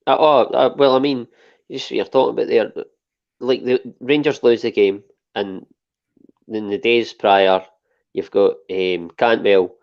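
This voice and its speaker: A Scottish man talks football on a fan podcast in a measured, deliberate way, with the odd sigh. His voice sits at an ordinary middle pitch, and the recording sounds slightly dull and lo-fi. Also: steady tone. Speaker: podcast co-host. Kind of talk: casual football chat.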